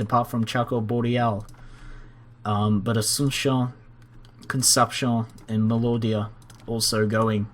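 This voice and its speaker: A young man commentating a strategy game timeline in a measured, dry and lightly wry way. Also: mid-range voice, slight background noise.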